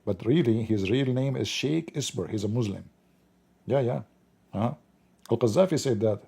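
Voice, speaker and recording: A man's voice: mid-range voice, lively intonation, normal speed, gravelly, dark tone, husky. A man hosting a live stream, joking sarcastically with mock outrage as he comments on the news.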